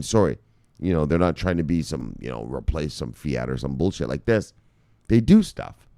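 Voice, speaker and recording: A man's voice: low-pitched, a little mellow, dry recording, studio quality. A man hosting a crypto news vlog, ranting casually with lots of swearing and laughing asides. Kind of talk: casual profane news commentary.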